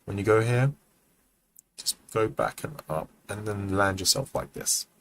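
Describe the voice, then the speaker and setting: Low-voiced, chatty animation mentor man. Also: a little slow. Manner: relaxed and chatty, thinks aloud with many ums, acts out poses. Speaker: animation mentor reviewing student work. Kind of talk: casual livestream feedback.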